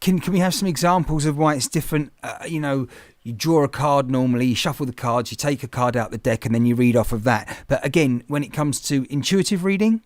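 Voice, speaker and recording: A man's voice: mid-range voice, a little fast, dry recording, clean studio sound. A man hosting a podcast, chatty and rambling, with many restarts. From England. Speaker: podcast host. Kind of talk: casual interview chat.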